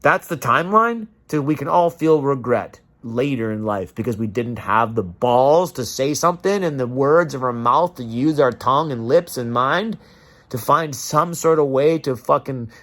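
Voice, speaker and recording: A man's voice: medium pitch, animated, measured pace, a bit bright. A man delivering an emotional, profane rant straight to camera and acting out the voices of the people he quotes. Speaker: vlogger.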